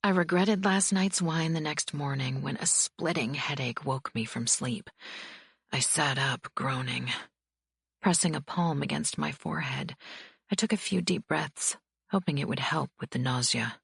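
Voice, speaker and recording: A woman reads a romance audiobook in a low, gravelly voice. Her tone is husky and close, with a dry, clean sound. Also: expressive, a little slow, a bit bright, no echo. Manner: low, husky first-person reading. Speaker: audiobook narrator. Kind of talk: scripted narration.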